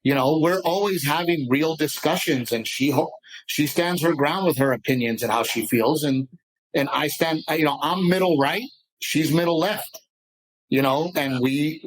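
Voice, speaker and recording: A man with a voice pitched a touch above the usual, telling stories as a guest on a podcast. He talks with passion and keeps on going in restless, animated runs. It is casual, chatty interview talk. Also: rough recording. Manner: passionate, rambling, animated storyteller. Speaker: comedian guest.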